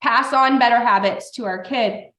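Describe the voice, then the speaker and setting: A woman's voice: fairly high pitch, moderate pace, pushed and bright. A woman co-hosting a parenting podcast, a mother chatting casually and telling stories about her son. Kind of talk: casual conversational chat. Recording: roomy echoey room.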